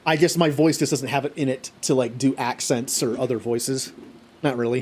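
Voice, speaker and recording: A man's voice: mid-range voice, steady tone, normal speed, darkish tone, a little hiss or hum. A man giving let's-play commentary, self-deprecating and joking about his own reading. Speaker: gaming streamer.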